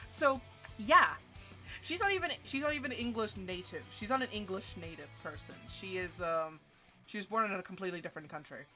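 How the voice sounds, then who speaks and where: Woman streamer with a bright, forceful voice and a swearing storytelling rant, with quiet music underneath. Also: brisk. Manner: profane, animated, jumps in pitch. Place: home streaming setup. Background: faint music.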